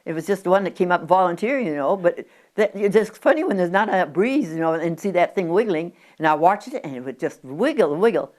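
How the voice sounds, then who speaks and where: A woman's voice: lowish voice, expressive, a little fast, darkish tone. A woman in her nineties, interviewed at her country home, reminiscing in a chatty, rambling way with frequent restarts. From Oregon, USA. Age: 90s.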